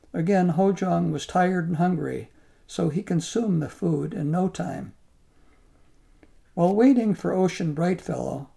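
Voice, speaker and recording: A man calmly narrating a folk tale in a measured storybook style. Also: sits high, vocal fry, slightly rough.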